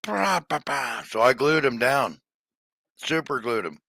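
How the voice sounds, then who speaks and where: Man, livestream seller, casual rambling chat, unhurried, bright tone. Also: mid-range voice, sing-song, creaky, no room sound. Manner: rambling, slow, with many fillers and restarts.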